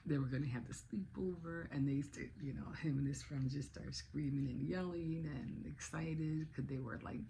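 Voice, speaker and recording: A woman's voice: low voice, fairly even intonation, normal speed, vocal fry, hardly any pauses, warm tone, slight background noise, low-quality recording. A woman in her sixties chatting casually in a vlog, rambling along with many restarts. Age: 60s. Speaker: vlogger. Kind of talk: casual chat.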